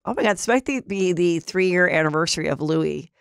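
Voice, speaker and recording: Woman podcast host, chatty storyteller, smooth voice, dry close sound. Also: lively intonation, brisk, no echo. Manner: chatty storyteller, acts out quotes in higher voices. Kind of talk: casual gossip chat.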